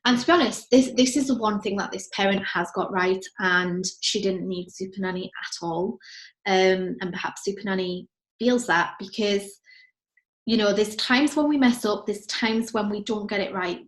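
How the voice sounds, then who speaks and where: A woman's voice: medium pitch, moderate pace. A woman, a parent coach, giving earnest commentary on show clips and acting out what a parent might say. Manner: earnest, acts out parent and child voices in quotes. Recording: echoey room.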